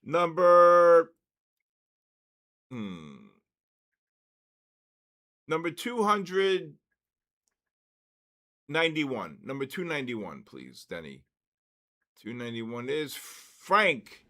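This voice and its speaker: A man hosting a trading live stream, calling out giveaway winners in a drawn-out, repetitive way. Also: mid-range voice, wildly swooping pitch, bright, forceful tone.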